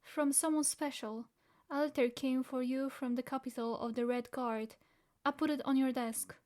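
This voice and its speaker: A woman's voice: high-pitched, fairly even intonation, normal speed, a little mellow, natural voice. A woman voicing a matter-of-fact young woman secretary in audiobook dialogue.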